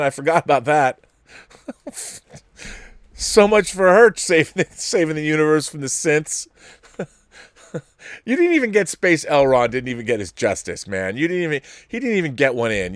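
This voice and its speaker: A man's voice: medium pitch, fairly bright tone, dry recording, studio quality. A middle-aged man hosting a casual solo commentary show, rambling and laughing often between thoughts. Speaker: show host.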